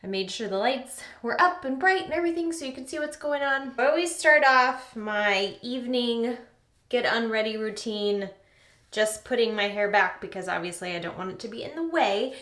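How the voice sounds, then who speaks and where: A woman's voice: on the high side, moderate pace, a bit bright. Chatty woman in an echoey bathroom. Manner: chatty, upbeat, talks while doing her routine. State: slightly out of breath. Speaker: beauty vlogger. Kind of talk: casual skincare tutorial. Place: bathroom at the sink. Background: running water from the tap.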